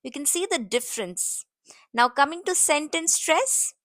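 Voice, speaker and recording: A woman teaching a beginner lesson, saying model phrases slowly and deliberately. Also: sits high, big pitch swings, bright, forceful tone, dry recording, clean studio sound. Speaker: English teacher.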